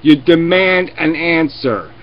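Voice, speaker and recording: A man's voice: fairly high pitch, lively intonation, takes it slowly. A man hosting a livestream who argues heatedly, ranting and cursing as he mocks imagined replies. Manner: profane, ranting, mocking imagined quotes. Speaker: livestream host. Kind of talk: heated argumentative debate. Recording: dull lo-fi stream audio.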